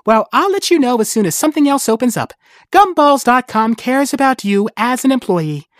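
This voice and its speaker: A chirpy corporate HR woman, voiced by a storyteller, speaking in a bright and falsely cheerful way. Her lines bounce high and move through a very lively melody. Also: brisk, no echo, clean studio sound.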